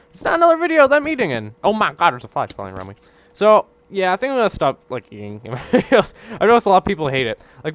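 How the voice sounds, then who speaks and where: A young man rants casually over gameplay, his pitch bouncing widely as he rambles from one gripe to the next. His voice sits a little high for a guy, and he keeps tossing out "right?" as he complains with exasperated energy. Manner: exasperated griping. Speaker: gaming video creator.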